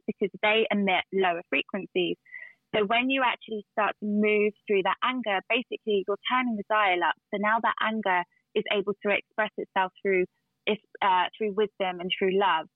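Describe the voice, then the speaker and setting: A woman's voice: mid-range voice, no room sound. A woman guest in casual chat, telling stories earnestly with many fillers and restarts. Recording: dry tinny phone-like line.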